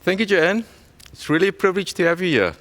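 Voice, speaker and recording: A man, a company executive, giving a welcome speech at an awards event in a self-deprecating, halting way. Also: high-pitched, lively intonation, a bit bright.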